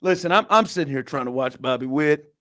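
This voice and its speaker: A man hosting a casual sports talk show, animated and incredulous, laughing often and packing his talk with fillers. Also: fairly high pitch, fairly quick. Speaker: podcast host.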